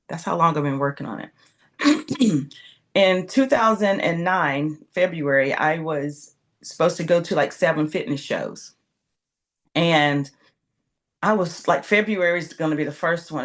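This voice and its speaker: A woman's voice: fairly low pitch, normal speed, pauses often. A woman in her fifties telling a personal story as an interview guest, acting out quoted dialogue. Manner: animated, acts out quoted dialogue. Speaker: guest entrepreneur.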